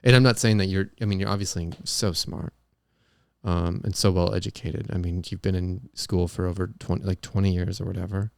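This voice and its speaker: A man's voice: low voice, steady tone, a little fast, gravelly, clean tone. A young man co-hosting a comedic podcast, rambling and hesitant, often stopping to restart his lines. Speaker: podcast co-host.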